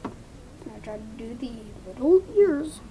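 High-voiced chatty woman vlogging. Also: expressive, takes it slowly, dark tone, slight background noise, rough recording. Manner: rambling, chatty self-talk with asides to viewers. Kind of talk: casual commentary while painting.

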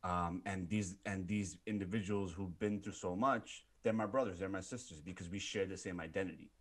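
Earnest low-voiced man from Pakistan. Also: a little fast. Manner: earnest, searching for words with frequent fillers. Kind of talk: reflective interview talk.

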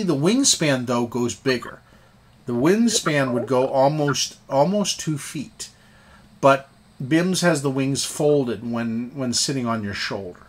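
Husky, slow-talking male game master. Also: fairly high pitch. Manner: halting, repeats words. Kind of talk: narrating a tabletop game.

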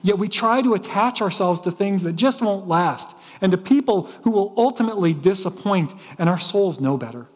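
A man's voice: sits high, lively intonation, moderate pace, hardly any pauses, in a large hall. A man preaching a sermon as pastor, telling stories with frequent restarts. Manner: storytelling preacher with repeated restarts. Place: church sanctuary.

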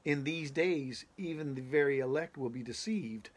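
A man voicing a solemn heavenly angel who proclaims judgment in slow, measured words. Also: on the high side, husky.

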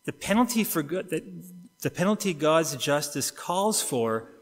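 A middle-aged Canadian man preaching a sermon, telling a story and acting out the quotes, getting suddenly quieter or louder and faster or slower. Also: a little high, sing-song. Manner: storytelling with acted-out quotes, wide swings in loudness and pace. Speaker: pastor. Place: church sanctuary. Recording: long reverb of a church hall.

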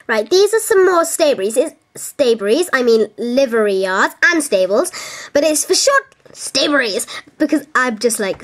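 A young woman clowning as a scatterbrained stable owner on a home-video tour, full of whoops and "like" fillers. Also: sits high. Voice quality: giddy, squealing whoops, valley-girl "like" fillers. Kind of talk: silly improvised home-video comedy tour.

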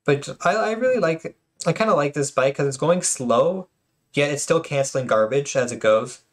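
A man's voice: fairly high pitch, expressive, normal speed. A man casually commenting on game replays, often stuttering and restarting his words, with apologetic asides. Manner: self-conscious, apologetic asides.

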